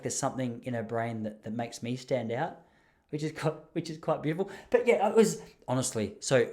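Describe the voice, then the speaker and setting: A man's voice: mid-range voice, a little mellow. A young man from Gippsland with an Australian accent, hosting a podcast and telling rambling, self-mocking stories. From Traralgon, Gippsland, Australia. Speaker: podcast host. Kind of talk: casual storytelling.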